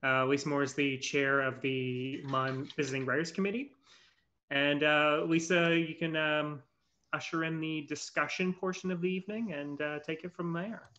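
A man hosts an online event with a bright, forward voice. He talks in a friendly, halting way, full of ums and restarts. He speaks over a video call. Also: fairly high pitch, steady tone, lo-fi sound. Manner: friendly, halting, many fillers. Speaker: event host. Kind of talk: casual live-event hosting.

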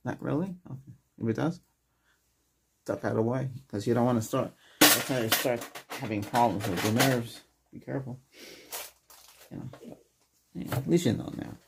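Close to the mic, a man whispers in a doctor role-play, soft and gentle, checking in with short questions. His mid-range voice is creaky at a moderate pace, with long pauses and heavy background noise.

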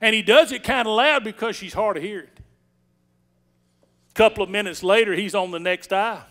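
A man preaching a sermon as senior pastor, swinging between loud declarations and hushed storytelling. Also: high-pitched, brisk. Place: church sanctuary.

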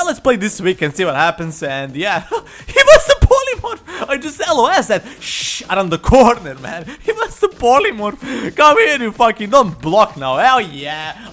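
Man, cocky gameplay commentary, high voice, swings wildly in pitch, trash talk, faint music behind. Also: fairly bright tone. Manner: boastful, trash-talking, swears a lot; laughs often. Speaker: gamer. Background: faint background music.

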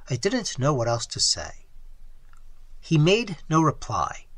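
Audiobook narrator: a very animated pitch, a husky edge, dry close sound. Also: slow, no echo. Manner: animated, acts out dialogue with sudden drops to a whisper. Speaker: audiobook reader. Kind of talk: scripted narration.

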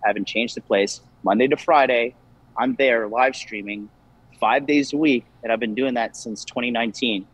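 A man's voice: mid-range voice, moderate pace, slightly rough, rough recording. A young man, a dating coach, talking casually and defensively with many restarts. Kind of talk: casual call-in conversation.

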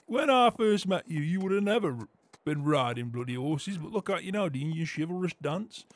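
A man's voice: fairly high pitch, lively intonation, moderate pace, lightly acted. An actor playing a blunt, teasing male farm worker who swears constantly. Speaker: farm roleplay character.

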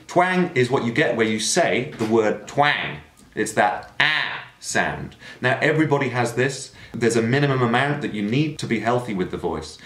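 Male singing teacher, lively explanatory delivery, echoey room. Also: mid-range voice, a little hiss or hum. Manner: explanatory, with sung and shouted demonstrations. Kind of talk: vocal technique lesson.

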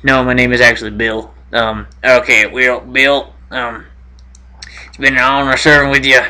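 A young man voicing a doomed male astronaut saying mock-solemn farewells, in a lowered voice. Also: flat delivery, normal speed, bright, forceful tone. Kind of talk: joking role-play over gameplay.

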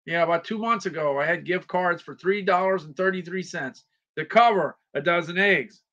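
A man's voice: sits high, normal speed, sharp tone. Guy hosting a shopping livestream, repeats himself a lot, talks to chat by name, kinda muffled lo-fi sound. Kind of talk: casual livestream chat with viewers.

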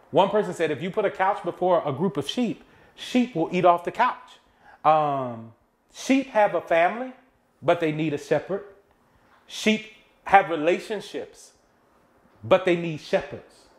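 A man's voice: sits high, animated, a little slow. A man serving as executive pastor, giving a casual, conversational Bible study to a youth group. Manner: casual, conversational preaching to teens. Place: church room with a screen behind him. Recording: echoey room.

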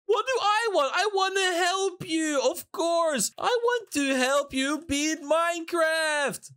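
A man's voice: very high-pitched, takes it slowly, pushed and bright. A man hosting a gaming video, giddily narrating his pranks move by move. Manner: giddy and scheming, narrates each move. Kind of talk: excited gameplay commentary.

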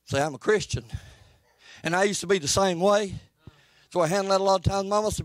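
A man's voice: brisk, long pauses, no echo. A man preaching a sermon in a church, plainspoken and folksy, with an earnest delivery. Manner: plainspoken, folksy and earnest, rising and falling in pitch. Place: church sanctuary.

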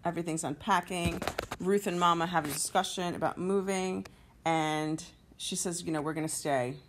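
A woman with a low, grounded voice walks her class through a play scene by scene. She explains as she goes and reads the characters' lines aloud with feeling. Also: fairly even intonation, normal speed, a little hiss or hum. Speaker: teacher. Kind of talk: literature lesson walkthrough.

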